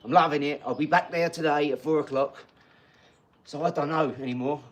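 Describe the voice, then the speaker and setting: A man's voice: on the high side, steady tone, fairly quick. Blunt man in his forties. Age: 40s. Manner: blunt and swearing, often laughing, emphatic. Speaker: livestreamer answering chat. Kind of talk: casual livestream chat.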